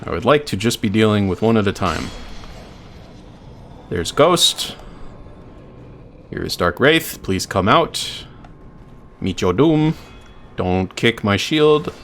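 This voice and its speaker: A man's voice: on the low side, expressive, slow, long pauses, fairly bright tone, a little hiss or hum. A man casually commenting on his own gameplay, joking, swearing and talking back to the game. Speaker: streamer.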